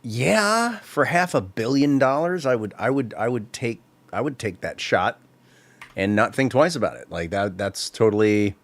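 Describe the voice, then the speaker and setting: Lively jokey male game streamer. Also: medium pitch, moderate pace. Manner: chatty, jokey, self-mocking. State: playing a tipsy character. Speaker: gaming streamer. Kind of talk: casual gameplay commentary.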